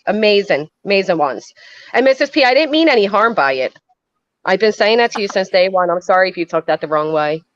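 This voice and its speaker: A woman hosting a casual livestream chat, animated and swearing now and then while reading out donations. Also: mid-range voice, fairly quick. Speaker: livestream host. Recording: muffled lo-fi stream audio.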